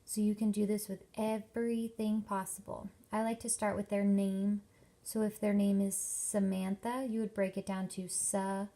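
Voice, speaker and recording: A young woman teacher giving a workshop presentation to parents, explaining slowly and carefully with lots of examples. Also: mid-range voice, level tone, mellow. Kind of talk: instructional presentation.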